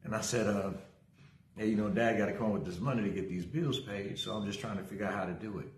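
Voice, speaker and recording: Lively low-voiced male pastor, roomy echo. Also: quick pace. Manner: energetic, greets viewers by name, repeats calls to share. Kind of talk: casual livestream sermon with storytelling.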